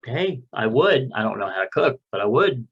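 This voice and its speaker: A man's voice: medium pitch, big pitch swings, moderate pace, slightly rough, dull audio. A man co-hosting a casual podcast, reading listener mail aloud in a loose, joking way with the odd swear. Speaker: podcast co-host.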